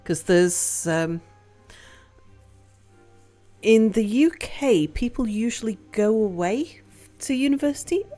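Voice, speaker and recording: Livestream host: young woman, Northwest English accent with a hint of Liverpool, slow and halting, thinks out loud, soft music under her. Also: a little high, expressive. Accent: Northwest England, Liverpool-tinged. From Northwest England. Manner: thoughtful, halting, reads chat aloud, laughs often. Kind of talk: casual chat with live chat.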